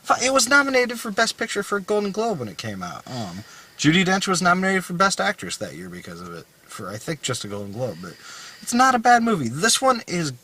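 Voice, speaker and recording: Bright-toned man, swearing grumbly chatter. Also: sits high, huge pitch swings, a little fast, low-quality recording. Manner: profane, grumbling rants. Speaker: movie review co-host. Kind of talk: casual chat. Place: outdoors in the cold.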